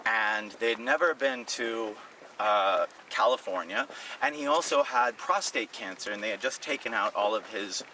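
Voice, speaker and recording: A man's voice: fairly low pitch, moderate pace, vocal fry, distant mic, a little hiss or hum, rough recording. A comedian telling stories in casual talk on a city walk, acting out the voices of the people he quotes. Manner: animated, acts out quoted voices. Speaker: comedian and podcast co-host. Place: outdoors on city streets.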